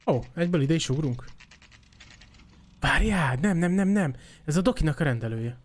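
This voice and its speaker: Male live streamer, casual running commentary, animated pitch, quick laughing asides. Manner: chatty, laughing asides over gameplay. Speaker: gaming streamer.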